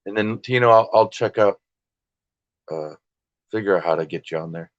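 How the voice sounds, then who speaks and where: Streamer host, male, lowish voice, chatty, self-deprecating rambler, dry dull lo-fi sound. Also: normal speed, no echo. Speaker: livestream host listing items for sale. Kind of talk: casual livestream chat. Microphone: desktop computer and phone.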